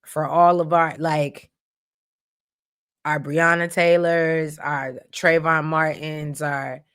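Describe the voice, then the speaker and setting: A woman with a lowish voice recaps a soap opera episode in casual, chatty commentary. She speaks to her viewers as y'all and lets her feelings show, exclaiming over the big scenes. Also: a bit bright. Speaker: recap host.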